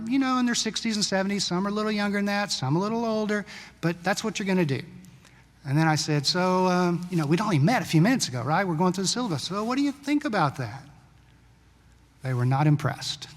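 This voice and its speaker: A male pastor preaching a sermon in a conversational storytelling way, sometimes brisk, sometimes slow and hushed. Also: high-pitched, lively intonation. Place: church sanctuary. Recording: long church-hall reverb.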